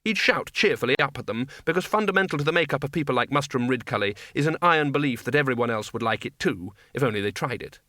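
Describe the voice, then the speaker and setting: A man reads a comic fantasy novel aloud in a wry, measured way. His voice is bright and clear. The recording is close and dry, with no room sound. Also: medium pitch, lively intonation, no room sound. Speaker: audiobook narrator. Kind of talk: scripted narration.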